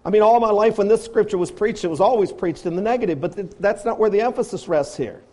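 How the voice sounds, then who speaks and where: Speaking fast, a farm-raised preacher with a very high voice fires rhetorical questions at his listeners. He climbs to loud appeals and then falls back into soft, low asides.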